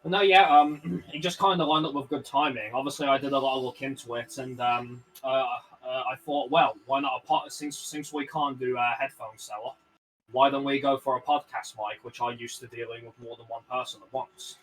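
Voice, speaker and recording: A man's voice: medium pitch, fairly even intonation, brisk, fairly bright tone, poor audio. A man with a Birmingham accent hosting a casual podcast chat at home, rambling with many fillers and restarts. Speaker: podcast host. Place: home room shared with partner. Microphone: desk podcast mic.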